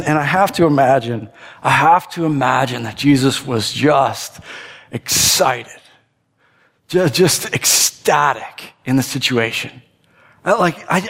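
Animated man preaching in a reverberant hall. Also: on the high side, normal speed. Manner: animated storytelling, acts out voices, many restarts. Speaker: pastor. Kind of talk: sermon.

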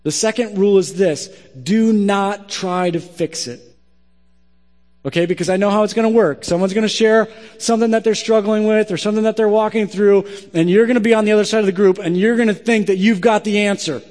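A man's voice: sits high, steady tone, a little fast, darkish tone. A man preaching a sermon as pastor, blunt and emphatic in his direct way of talking. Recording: long hall reverb.

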